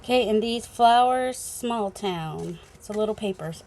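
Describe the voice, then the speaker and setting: A woman's voice: medium pitch, measured pace, darkish tone, slight background noise. A woman with a New England accent chatting casually as she unboxes craft supplies at home, thinking aloud, recorded on a phone. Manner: chatty, rambling, thinking aloud with many fillers. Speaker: crafting channel host.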